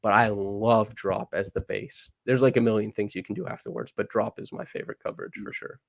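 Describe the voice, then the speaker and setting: A man with a fairly low voice talks through basketball tactics with quick, eager energy, piling on casual fillers as he goes. The sound is dry and close, with next to no room around him. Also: steady tone, creaky, no room sound. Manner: fast, enthusiastic breakdown with fillers. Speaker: podcast host. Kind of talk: casual basketball analysis chat.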